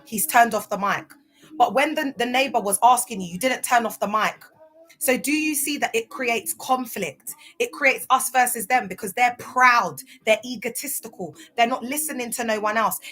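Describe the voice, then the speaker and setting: A woman's voice: on the high side, pushed and bright. Impassioned woman venting. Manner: impassioned, spells out words letter by letter. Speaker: former church member speaking out. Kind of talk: casual vlog monologue.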